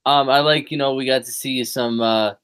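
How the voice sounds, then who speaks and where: A man's voice: mid-range voice, fairly even intonation, moderate pace, a bit bright, smooth. A man co-hosting a wrestling podcast, chatting casually and rambling with lots of fillers and restarts. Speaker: podcast co-host. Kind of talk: casual chat.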